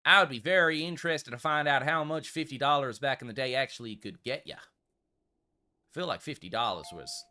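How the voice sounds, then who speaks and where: A man's voice: medium pitch, normal speed, sharp tone. A man giving casual gameplay commentary while role-playing a polite old-west shopkeeper in a put-on regal accent. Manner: role-plays a polite old-west shopkeeper, addressing customers as sir and ma'am. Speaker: streamer playing a shop game.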